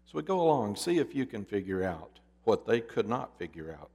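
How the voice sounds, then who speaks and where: A man's voice: fairly low pitch, big pitch swings, brisk, warm tone. Preacher man with hall reverb. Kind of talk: sermon.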